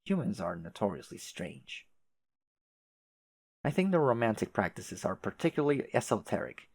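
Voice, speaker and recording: A man's voice: fairly low pitch, very animated, moderate pace, darkish tone, breathy edge, dry recording, heavily acted. Man doing a prim, wordy faux-British advisor. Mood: earnest. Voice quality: formal, wordy, fussy diction. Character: prim, verbose troll advisor putting on a British manner.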